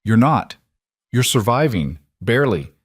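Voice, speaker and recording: A man voicing a lone cowboy who talks calmly and bluntly in a level, matter-of-fact way. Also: medium pitch, a little slow, husky, no room sound, clean studio sound.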